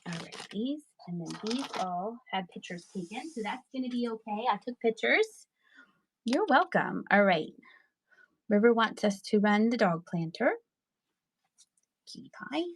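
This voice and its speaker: Hosting a live-stream sale amid some background noise, a middle-aged Pennsylvania woman speaks in an animated, medium-pitched voice at a slightly slow pace. She keeps the chat casual and playful, with giggles and sing-song asides.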